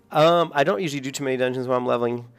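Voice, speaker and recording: A man's voice: mid-range voice, smooth. A young adult man streaming a game, chatting casually with viewers, rambling and swearing lightly between chuckles. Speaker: gaming streamer. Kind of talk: casual gameplay chat with viewers.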